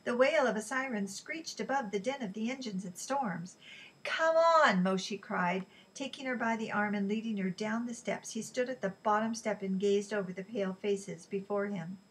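A woman reading a novel aloud in an even, unhurried way, with small slips she corrects. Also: medium pitch, husky, rough recording. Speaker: reader.

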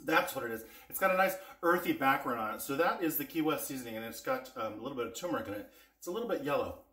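A man's voice: mid-range voice, lively intonation, very fast, pushed and bright, reverberant. A man hosting a casual cooking vlog, chatting with viewers and tasting spice blends with eager enthusiasm. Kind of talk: casual taste-test vlog.

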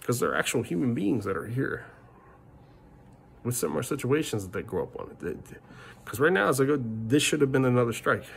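Middle-aged male vlogger, rambling frustrated rant on a phone mic, gravelly voice, faint noise behind. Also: mid-range voice, sing-song, brisk. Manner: rambling, repeats himself, swears. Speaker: family vlogger.

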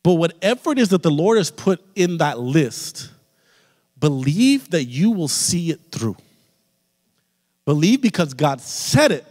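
A man's voice: fairly high pitch, sing-song, unhurried, darkish tone. A male pastor preaching a sermon with passion, speaking straight to his congregation. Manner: impassioned preaching, addresses the congregation directly. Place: church sanctuary. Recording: long reverb of a church hall.

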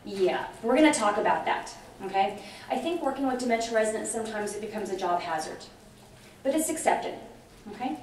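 A middle-aged woman presents to a conference room with a chatty, animated delivery, checking in with listeners again and again. Her voice sits a little high. The sound is very echoey and distant, with a faint hiss underneath. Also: a little fast. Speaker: conference speaker on dementia care. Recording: very echoey hall from far off, faint noise.

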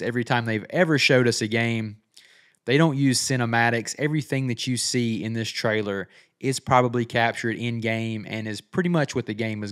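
Middle-aged male gaming host, deeper voice with a smooth, clean tone, chatty trailer breakdown. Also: fairly bright tone. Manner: chatty, thinking aloud with frequent "uh"s. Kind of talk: casual game trailer breakdown.

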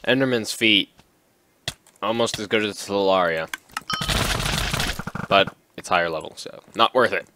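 Slow, low-voiced young man gaming. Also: noisy background. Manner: relaxed, muttering asides to himself. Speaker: gaming video host. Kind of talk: casual gameplay commentary. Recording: game music behind the voice.

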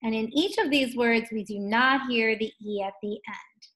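A woman teaching a first grade phonics lesson at a distance, drawing out words slowly and gently asking young children questions. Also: fairly high pitch. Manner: slow, drawn-out words sounded out for children.

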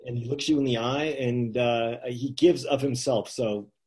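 A man, an author, telling his story in a relaxed, animated way, with frequent chuckles and asides. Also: mid-range voice, normal speed. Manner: animated anecdotes with many "you know" asides and chuckles. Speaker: author guest. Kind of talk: casual storytelling on a live video chat.

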